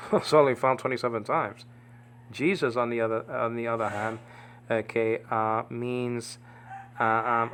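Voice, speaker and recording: A Greek language teacher gives an informal, rambling Bible Greek lesson, frequently checking in with "okay?" and "you understand?" He has a mid-range, slightly bright voice, with a little hiss or hum in the audio.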